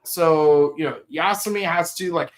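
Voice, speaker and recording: A man's voice: a little high, moderate pace. A man hosting a podcast in casual chat, rambling, laughing often and slipping into silly voices. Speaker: podcast host.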